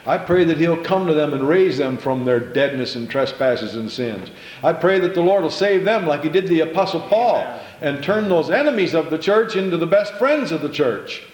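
A male pastor preaching an impassioned sermon in a church, repeating phrases and stumbling into quick restarts as he builds. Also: a little high, expressive, darkish tone, echoey room, poor audio.

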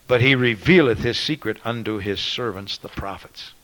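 A man preaching a fervent sermon, reading scripture in a ringing voice and swinging between loud proclaiming and hushed asides. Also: fairly low pitch, moderate pace, poor audio.

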